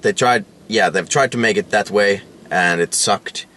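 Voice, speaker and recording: Rambling low-voiced man. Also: pushed and bright. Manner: rambling, halting, with many restarts. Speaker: podcast co-host. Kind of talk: casual film chat.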